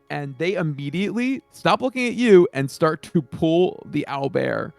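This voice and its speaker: A man's voice: fairly high pitch, animated, moderate pace, gravelly, hardly any pauses, darkish tone, dry recording, soft background music. A man narrating a tabletop game as game master in a loose, casual way.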